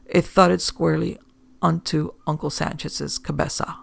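A man reading a first-person story aloud in a wry, deadpan manner. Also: on the high side, normal speed, vocal fry, slightly rough, no echo. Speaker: audiobook narrator.

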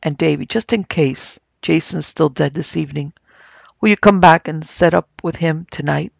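A man voicing an old rural woman said to be half witch, calm, coaxing and folksy. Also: on the high side, normal speed, gravelly, husky, no room sound, heavily acted. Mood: insistent.

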